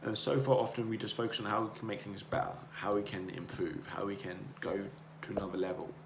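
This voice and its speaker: A man with a lowish voice talks earnestly and circles back over his own words in a rambling motivational monologue. The room around him is echoey, and a faint hiss sits under the voice. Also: fairly even intonation, fast. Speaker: podcast host. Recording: roomy echo, faint noise.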